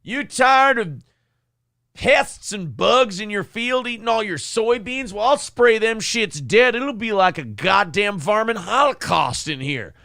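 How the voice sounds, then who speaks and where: A man parodying a crude shouting farm politician. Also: high-pitched, animated, unhurried, vocal fry, dry recording, clean studio sound, voice pushed up, full character voice. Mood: ranting. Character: loud crude older male Southern farm politician.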